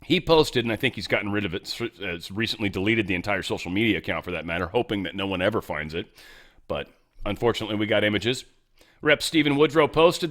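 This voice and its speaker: A man's voice: medium pitch, lively intonation, a little fast, fairly bright tone. A male host giving sarcastic political commentary, reading headlines aloud and ranting about them.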